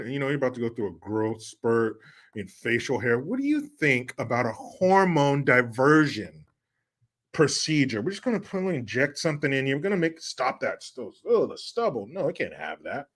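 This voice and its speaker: A man voicing a scheming celebrity stepmother who talks in a coaxing, sing-song sales pitch. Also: big pitch swings, moderate pace. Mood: wheedling.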